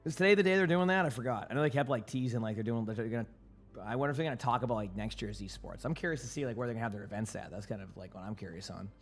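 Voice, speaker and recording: A young man, slightly hoarse from a stretch of commentating, chats loosely with viewers over a streaming mic at his desk. His voice sits at an ordinary middle pitch, and he answers chat questions in a relaxed, rambling way. Faint music plays underneath. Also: racing. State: yawning, sleepy.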